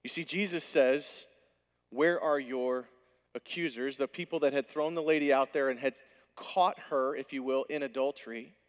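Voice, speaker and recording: A male pastor delivering a sermon, telling the story with animated delivery and acting out the dialogue. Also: medium pitch, moderate pace, long reverb tail.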